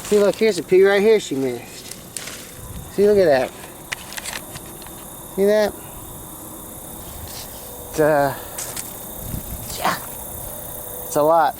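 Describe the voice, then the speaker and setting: A man's voice: high-pitched, animated, takes it slowly, long pauses, darkish tone, a little hiss or hum. A man talks through his vegetable garden outdoors in a rambling, folksy, chatty way. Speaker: gardening vlogger. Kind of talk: casual walk-through commentary.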